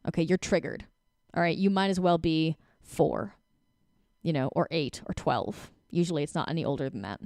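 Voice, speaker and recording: Lively woman coaching, low dry voice. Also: no room sound. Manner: animated, acts out quick voices with laughs. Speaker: relationship coach. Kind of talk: casual advice talk.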